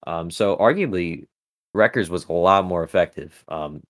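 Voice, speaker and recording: Male podcast co-host, deep voice, rambling casual review chat with lots of ums. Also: normal speed, fairly bright tone. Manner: rambling, many fillers and restarts.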